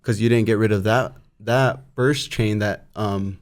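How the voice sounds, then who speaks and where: Low-voiced man in animated chat. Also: measured pace. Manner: animated storyteller, acts out quotes in a high voice. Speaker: guest boxer. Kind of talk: casual podcast chat.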